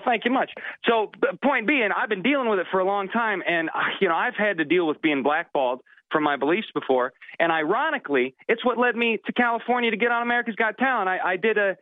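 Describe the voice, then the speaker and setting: High-voiced man on a tinny phone line. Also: dry recording. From Wyoming. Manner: halting, many restarts and fillers. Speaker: caller, stand-up comedian. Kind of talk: phone-in call.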